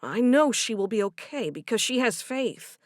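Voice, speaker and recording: A woman voicing a gentle young husband who speaks softly and reassuringly in an audiobook. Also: a little high, normal speed, dry recording, studio quality. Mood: comforting. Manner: soft, steady, reassuring. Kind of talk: audiobook character voice.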